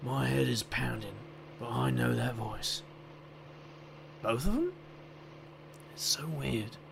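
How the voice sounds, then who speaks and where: A wisecracking, weary detective, as a man plays him, narrates his own scrape in first person. The voice sits mid-pitch with a gravelly edge, and faint ambience runs under it. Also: slow, noisy background. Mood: wry. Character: wry, sardonic male detective, weary and broke.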